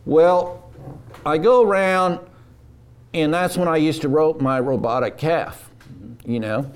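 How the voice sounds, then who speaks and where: A man telling a rodeo story in a casual, folksy, animated way. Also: fairly high pitch, slow pace, clean tone. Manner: folksy drawl, animated retelling.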